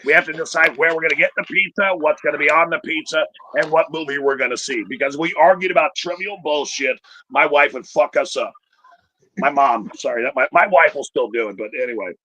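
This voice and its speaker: A man's voice: fairly high pitch, fairly quick, sharp tone. A middle-aged man telling a profane, rambling stand-up story full of fillers. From Chicago area. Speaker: stand-up comedian.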